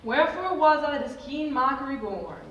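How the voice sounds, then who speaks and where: A woman's voice: high-pitched, lively intonation, moderate pace, muffled recording, a little hiss or hum. A woman playing a lovesick, self-pitying young woman in a live school stage play, with a plaintive, pleading delivery. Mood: wounded. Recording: echoey hall from far off.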